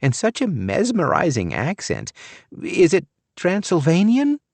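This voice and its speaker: A man's voice: high voice, huge pitch swings, measured pace, gravelly, dry recording, voice pushed up, heavily acted. A man voicing a chatty, gushing middle-aged mother in an audiobook.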